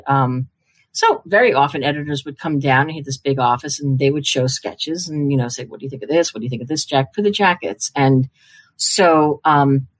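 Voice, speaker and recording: An older woman, a publishing marketing executive, telling stories in a casual chat and acting out the voices she quotes. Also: low voice. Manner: chatty, acts out quoted voices. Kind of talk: casual storytelling in a conversation.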